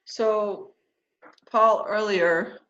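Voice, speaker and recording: A woman in her fifties hosting an online group discussion, chatting casually and turning animated and opinionated as she goes. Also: mid-range voice, very slow, a little hiss or hum. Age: 50s. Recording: roomy, dull lo-fi sound.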